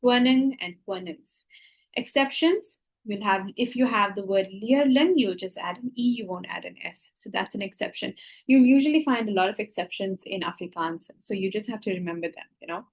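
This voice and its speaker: A woman teaching a class who explains each rule step by step. She pauses to ask whether it is clear before she goes on. Her tone is patient and plain. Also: mid-range voice, poor audio. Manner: patient, repeats "okay?" to check understanding. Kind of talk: explaining grammar rules to students.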